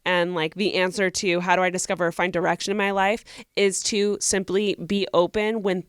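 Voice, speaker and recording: A woman's voice: lowish voice, level tone, normal speed, smooth, no echo, studio quality. Young woman giving earnest advice. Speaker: podcast co-host. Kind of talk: casual advice chat.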